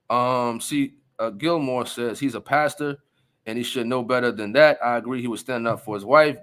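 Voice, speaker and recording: A man with a fairly high voice talks straight to his audience in a loose, casual commentary. He reads out viewer comments and answers them with firm conviction, returning again and again to the check-in "you understand?". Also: a bit bright. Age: adult. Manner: emphatic, repeats "you understand?", reads chat aloud. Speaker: channel host reading viewer comments.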